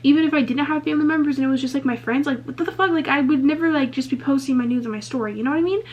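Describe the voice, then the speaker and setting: High-voiced young woman chatting candidly. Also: racing. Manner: chatty, candid, swears freely, lots of "like" and "um". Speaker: beauty vlogger. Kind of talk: casual get-ready-with-me Q&A chat. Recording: slightly muffled lo-fi recording.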